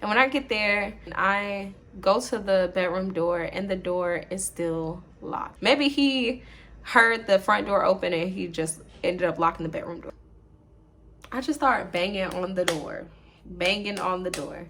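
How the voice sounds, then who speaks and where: A young woman tells a casual storytime, her voice sitting in an ordinary middle pitch. She is blunt and swears freely. She acts out both sides of the argument as she goes. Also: expressive, measured pace, a bit bright, slight background noise.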